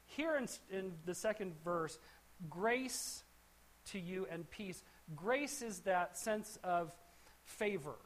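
A woman teaching scripture verse by verse. She speaks conversationally, pausing to explain words. She often restarts her sentences and drops in asides as she goes. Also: lowish voice. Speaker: Bible teacher.

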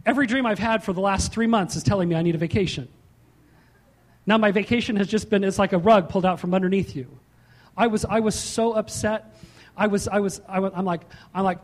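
A man preaching a sermon as pastor, slowing down to stress key points and dropping into chatty storytelling. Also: sits high, darkish tone. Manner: emphatic, slows and rises for key points, then drops into chatty storytelling.

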